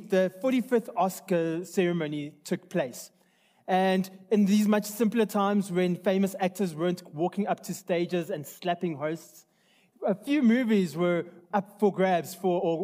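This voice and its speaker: A man's voice: high-pitched, mellow. A man preaching a sermon, earnest and conversational, with restarts and asides. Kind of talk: sermon with opening prayer.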